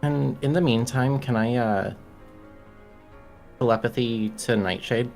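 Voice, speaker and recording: A man's voice: mid-range voice, measured pace, gravelly, darkish tone, soft background music. A man playing a tabletop game, speaking in character as a boastful goblin and asking rules questions. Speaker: player.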